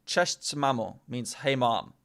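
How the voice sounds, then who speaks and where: A man's voice: medium pitch, takes it slowly, creaky, a bit bright. A man live-streaming as he practises a language, chatting casually, reading the chat aloud and repeating sounds over and over. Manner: reads chat aloud, chatty and self-mocking.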